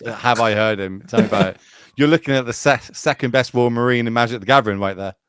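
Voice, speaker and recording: A man's voice: medium pitch, fairly bright tone, clean tone. A man telling rambling stories as a podcast guest, casual and peppered with swearing. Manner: rapid, rambling storytelling with swearing. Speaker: podcast guest, Magic tournament caster.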